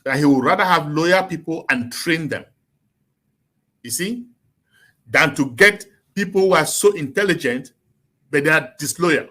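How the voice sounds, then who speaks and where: A man's voice: a little high, animated, a little slow, long pauses, bright, forceful tone. A man speaking earnestly and with emphasis as a guest in an online panel discussion.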